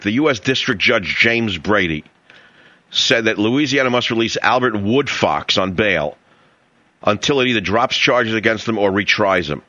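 A man's voice: lowish voice, lively intonation, normal speed, bright, forceful tone, dry recording, muffled recording. A middle-aged man with a New York accent hosting a talk radio show, brash and mocking, full of sarcasm.

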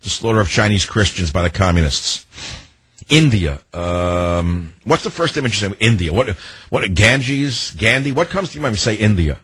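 Older male talk host, low husky voice, sardonic and rambling, dry booth sound. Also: animated, normal speed, a bit bright, dry recording. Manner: rambling, sardonic, free-associating. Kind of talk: opinionated talk radio monologue.

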